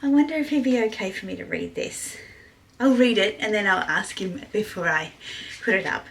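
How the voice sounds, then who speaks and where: A woman's voice: mid-range voice, moderate pace, vocal fry, a bit bright. A woman vlogging a luxury handbag unboxing, gushing with breathless exclamations and whispered asides. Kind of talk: excited unboxing vlog.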